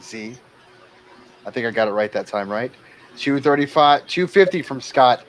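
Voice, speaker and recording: A man's voice: medium pitch, animated, normal speed, slight background noise, poor audio. A man calling out bids in a casual livestream art auction, joking and exclaiming over each new bid.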